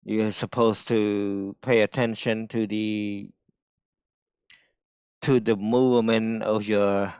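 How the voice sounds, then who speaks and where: Male streamer, non-native English with a strong accent, slow and halting, smooth voice, dry muffled audio. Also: lowish voice, flat delivery, a little mellow, no room sound. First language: not English. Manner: halting, restarts often, slow careful phrasing. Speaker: day trader streaming live. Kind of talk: casual live-stream talk.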